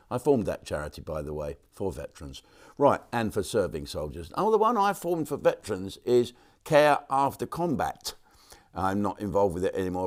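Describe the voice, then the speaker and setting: An older man hosting a live online show, rambling jokily and swearing, with sudden swoops into high mock voices. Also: a little mellow. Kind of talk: casual comic monologue.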